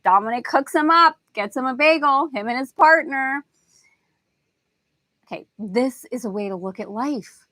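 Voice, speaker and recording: A woman's voice: high voice, animated, moderate pace, pauses often, sharp tone, no room sound. A middle-aged woman hosting a spiritual lesson talk, telling stories with animation and acting out family voices. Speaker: host.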